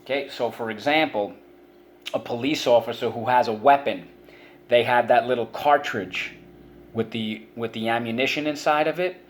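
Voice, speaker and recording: A middle-aged man walks children through a spelling and vocabulary lesson, piling up examples to explain each word. His voice sits at an ordinary middle pitch. A faint hiss of background noise runs under the recording. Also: normal speed. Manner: patient, explains words with many examples and restarts. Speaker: teacher.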